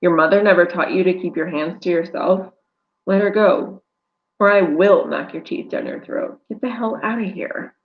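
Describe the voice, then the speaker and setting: A woman's voice: lowish voice, normal speed, phone-quality sound, close to an everyday voice. A woman reading as a firm protective young man. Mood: angry. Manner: firm, reassuring.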